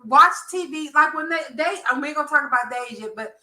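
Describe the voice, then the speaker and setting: A woman with a Southern American accent, hosting a casual soap opera chat and acting out characters' lines in a profane, animated way. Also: high voice, fast talker, reverberant, low-quality recording. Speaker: podcast host.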